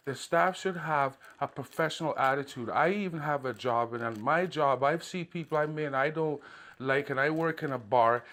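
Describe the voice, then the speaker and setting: A man's voice: on the high side, a bit bright. A man recording a personal complaint monologue, recounting events at length in an aggrieved way and waving details off with repeated filler. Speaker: citizen filing a complaint.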